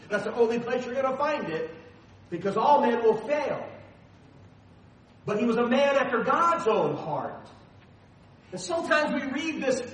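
Brief: male pastor, fairly high voice, emphatic preacher, recorded from afar in a big echoing church. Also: recorded from a distance, a little hiss or hum. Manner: emphatic preaching, swinging between loud stresses and soft asides. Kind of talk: sermon. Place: church sanctuary. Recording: very echoey hall, voice from afar.

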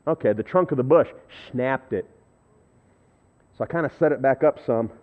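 Male pastor, conversational sermon, animated delivery, tinny phone-quality sound. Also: mid-range voice, normal speed. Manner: conversational storytelling, self-deprecating; animated, shifting between loud and hushed. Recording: thin phone-like audio.

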